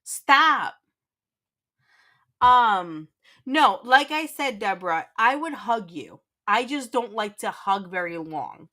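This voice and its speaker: A woman's voice: a little high, expressive, slow pace, sharp tone. A woman hosting a casual livestream, reading chat aloud, teasing and laughing often, rambling with restarts. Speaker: livestream host.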